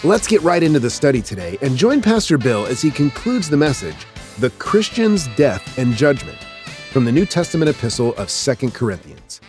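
A man announcing a radio ministry program, reading a scripted introduction in a lively, welcoming way. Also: mid-range voice, moderate pace. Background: faint guitar music.

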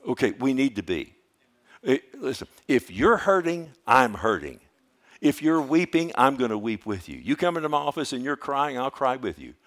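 A middle-aged man preaching a sermon as a pastor, swinging from loud urgency to hushed storytelling and repeating phrases for emphasis. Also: medium pitch, very animated, normal speed. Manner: repeats phrases, with filler restarts.

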